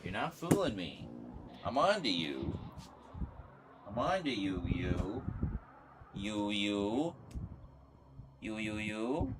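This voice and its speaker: A man's voice: on the low side, big pitch swings, drawn-out words, pauses often, a little hiss or hum. A man streaming live, chatting casually and rambling to his viewers and his pets.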